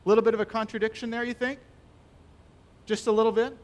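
A man preaching a sermon, emphatic and stressing key phrases by slowing down. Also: sits high, little pitch movement.

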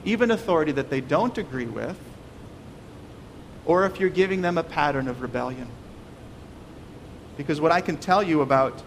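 High-voiced man preaching in an echoing hall. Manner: earnest, pleading, many repeated words. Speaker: pastor. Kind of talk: sermon. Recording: long reverb, faint noise.

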